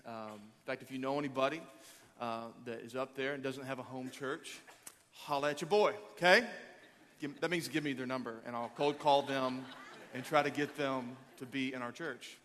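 A man in his thirties, a pastor preaching a sermon, energetic and joking as he rallies the crowd. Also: medium pitch, normal speed. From Arkansas. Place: large church auditorium. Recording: long hall reverb.

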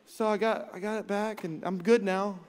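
A man's voice: high-pitched, steady tone, normal speed, clear, resonant tone. A man preaching a sermon as pastor, telling a self-mocking story and acting out his own quoted lines. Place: church sanctuary. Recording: long hall reverb in church.

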